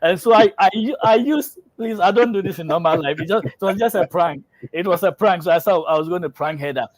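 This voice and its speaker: A man's voice: sits high, brisk. A man hosting a health show, telling a lab prank story with many fillers and then reading out test result guidance.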